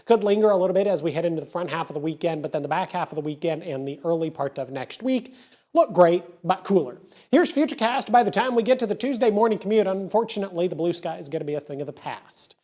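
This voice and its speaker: A man's voice: high voice, lively intonation, quick pace, mellow. A man presenting the TV weather forecast in a chatty, upbeat way. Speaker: meteorologist.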